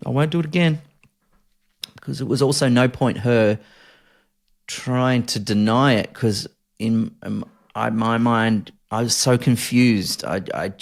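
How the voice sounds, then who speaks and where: Gravelly Australian man, halting and earnest. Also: mid-range voice. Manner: earnest, halting with many restarts. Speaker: podcast guest. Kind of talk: candid interview storytelling.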